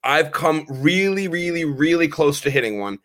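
A man in his thirties co-hosts a casual podcast with a fairly high voice. He tells rambling, animated stories and swears now and then. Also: normal speed. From Maryland, US. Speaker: podcast co-host. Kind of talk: casual chat.

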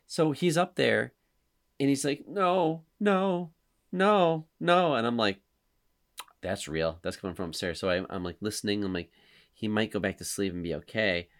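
A man's voice: fairly low pitch, moderate pace. A man in his thirties hosting a casual podcast chat, telling stories animatedly and acting out quotes. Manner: animated storyteller, acts out quotes loudly. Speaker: podcast host.

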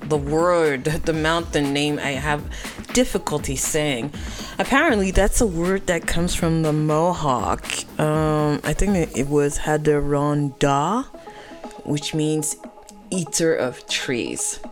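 Low-voiced woman with a French accent. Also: music in the background. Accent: French Canadian. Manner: halting, many fillers and restarts. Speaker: storyteller. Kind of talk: casual conversational storytelling.

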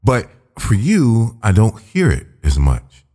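An American podcast host chats casually in an interview, cracking blunt jokes and swearing freely. His voice is lowish and warm, and he speaks slowly while his pitch swoops wildly.

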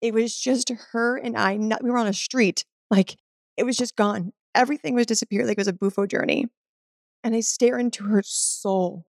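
A woman shares a personal spiritual story as a podcast guest, earnest and peppered with "like". Her voice carries a gravelly, creaky edge, and the sound is dry with no room around it. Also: fairly high pitch, steady tone, moderate pace, no room sound. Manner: earnest, spiritual, filler-heavy with frequent "like".

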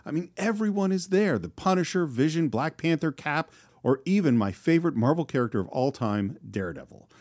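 A man's voice: on the high side, animated, brisk, darkish tone, no room sound, studio quality. A man co-hosting a podcast, reading a sponsor ad in an upbeat, salesy way. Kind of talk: scripted sponsor read.

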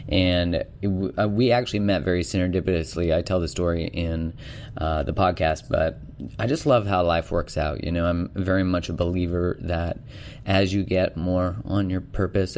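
A man's voice: low-pitched, creaky, darkish tone, slight background noise. A man hosting his own podcast, talking in a loose, enthusiastic and chatty way with plenty of fillers. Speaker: podcast host. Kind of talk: casual podcast chat.

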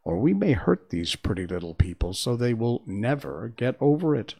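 A kind-hearted woodman, as a man reads him in a storybook. His voice sits in an ordinary middle pitch, gravelly and soft, with a careful, warning tone. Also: sing-song, moderate pace, exaggerated voice. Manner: cautious, gentle.

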